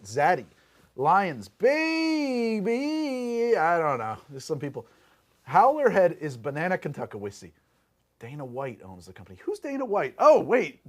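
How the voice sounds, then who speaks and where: Man, New Jersey accent, middle-aged, live stream host, rambling jokey asides, lively pitch swings, lapel mic. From New Jersey, USA. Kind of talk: casual live stream chat reading comments. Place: home bar and lab room.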